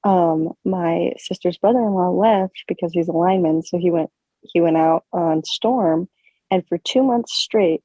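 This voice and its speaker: A young woman co-hosts a podcast and tells a long story in a loose, chatty way, with plenty of "like" and swearing. Her voice is mellow and warm. The sound is close and dry. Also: on the low side, unhurried, no echo, muffled recording. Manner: animated, swearing, lots of fillers. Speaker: podcast co-host. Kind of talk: casual storytelling.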